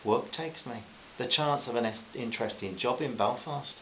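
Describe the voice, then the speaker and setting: A man reading a storybook and voicing a gentle, thoughtful young woman with a Liverpool accent. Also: mid-range voice, moderate pace, lightly acted. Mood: earnest. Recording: slightly dull with faint hiss.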